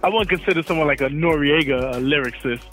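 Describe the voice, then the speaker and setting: A slightly high-voiced man speaks in a calm, measured way during a casual chat, often stumbling over the first words of each point. Faint music plays underneath. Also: rough recording. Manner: measured, stammers at the start of points. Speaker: podcast co-host.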